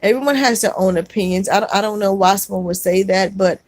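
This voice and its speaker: On a laid-back livestream, a woman with a mid-range voice reads out comments and answers gently, using sweetheart as a term of address. She stops and starts, with fillers along the way, and the recording is dry and close with no room sound.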